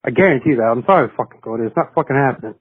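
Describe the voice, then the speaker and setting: A man's voice: mid-range voice, expressive, racing, slightly rough, dry recording. A male caller putting on a New York accent to play a brash, foul-mouthed sports fan, ranting in profane bursts over the phone. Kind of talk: call-in rant. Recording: tinny phone line.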